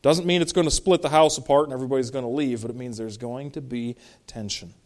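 A man's voice: medium pitch, quick pace, a little mellow. A middle-aged male pastor preaching a sermon, reading Bible verses aloud and explaining them, with emphatic stresses.

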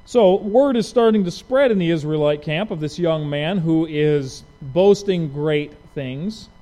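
A man's voice: on the high side, a little slow. A man preaching a verse-by-verse Bible sermon, asking his listeners questions and acting out the people in the story. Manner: lively, asks the audience questions; acts out quoted speech conversationally.

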